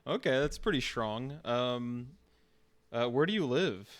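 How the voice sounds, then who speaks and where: A man's voice: medium pitch, animated, unhurried. A male streamer with an ordinary mid-range voice chats casually on a live stream. He jokes and teases in a loose, playful way and laughs often. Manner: joking, teasing, laughs often.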